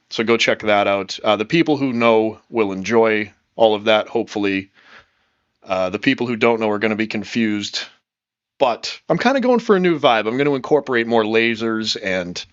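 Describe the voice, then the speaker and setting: A man's voice: medium pitch, a bit bright, no echo, highs cut off. A man hosting a casual livestream, upbeat and rambling, reading chat comments and swearing freely. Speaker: livestream host.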